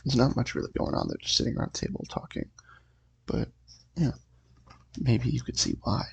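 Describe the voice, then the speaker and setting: A man hosting a show where he reads a comic aloud, making relaxed, offhand asides about the pages. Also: medium pitch, fairly quick, creaky, slightly rough. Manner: laid-back, offhand asides. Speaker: host. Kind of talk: reading a comic aloud on camera.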